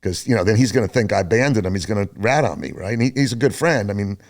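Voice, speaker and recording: An older man, a podcast guest, telling a story casually, animated and profane. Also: fairly low pitch, quick pace.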